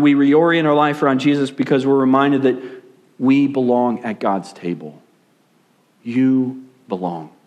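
A young adult man preaches a sermon as pastor in a mid-range voice, delivering it with animation and swinging between loud emphasis and hushed asides.

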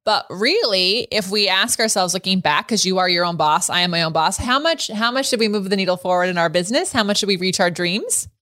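A woman's voice: medium pitch, animated, fairly quick, hardly any pauses, sharp tone, dry recording. A woman hosting a podcast who chats frankly and laughs often while interviewing a guest. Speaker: podcast host. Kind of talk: casual interview chat.

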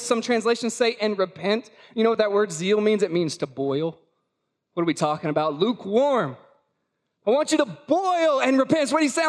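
A man preaching a sermon as pastor at a church service, emphatic and repetitive, full of rhetorical questions. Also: sits high.

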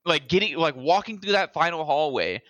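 A young adult man co-hosting a casual chat, animated, quick to laugh and often swearing. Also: a little high, dry recording. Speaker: podcast co-host.

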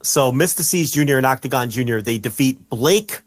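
A man co-hosting a casual wrestling podcast, telling stories with animation and shouting out the lines he quotes. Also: mid-range voice, moderate pace. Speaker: podcast co-host.

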